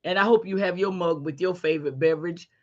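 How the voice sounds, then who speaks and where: A middle-aged woman hosting a podcast, giving a faith-based motivational talk in a folksy, animated way and calling listeners honey. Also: fairly low pitch, fast, lo-fi sound. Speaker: podcast host.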